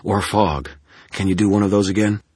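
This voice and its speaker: A man's voice: fairly low pitch, fairly even intonation, normal speed, darkish tone, husky, no room sound, clean studio sound, pitched above the performer's own voice. A man voicing a cool, secretive inhuman woman. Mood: urgent. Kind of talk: audiobook narration.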